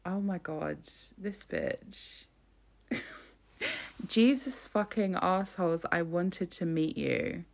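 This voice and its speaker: A woman giving casual, opinionated commentary in a blunt, scornful way, swearing freely and filling pauses with "um". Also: on the low side, vocal fry.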